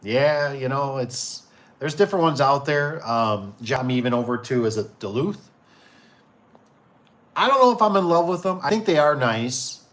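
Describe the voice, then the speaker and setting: This man in his forties sounds animated and a bit bright, with a medium pitch and normal speed. He's running a laid-back livestream for his door and gate business, reading viewers' comments aloud and rambling along with many fillers and restarts.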